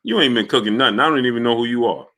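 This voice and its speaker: A man's voice: medium pitch, racing. A man hosting a live stream, greeting viewers by name and ranting with heat. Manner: animated, heated, shouts out chat names. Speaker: livestream host.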